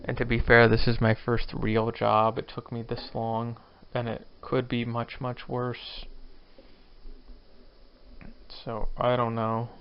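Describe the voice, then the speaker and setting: Tipsy rambling young man, gravelly. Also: mid-range voice, completely flat delivery, slow, highs cut off. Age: 20s. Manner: rambling, self-deprecating. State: drunk. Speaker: podcast host. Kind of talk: casual solo rambling podcast.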